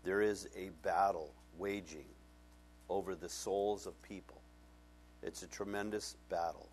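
A man's voice: low voice, fairly even intonation, measured pace, a little mellow, soft background music. A middle-aged male pastor preaching a sermon, telling personal stories and acting out both sides of conversations with self-mocking humor.

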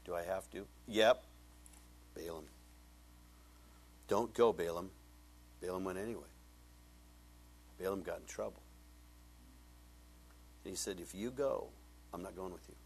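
A man preaching as a pastor, telling a personal story with lively acted-out dialogue that swings up high when he gets excited. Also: normal speed, pauses often, breathy edge. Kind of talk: sermon with storytelling.

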